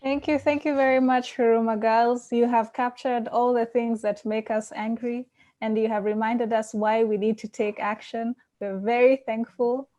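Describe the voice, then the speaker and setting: A woman's voice: on the high side, dark tone. A woman hosting an online forum, thanking the speakers and introducing the next guest. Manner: gracious, thankful. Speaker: forum host. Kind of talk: event moderation.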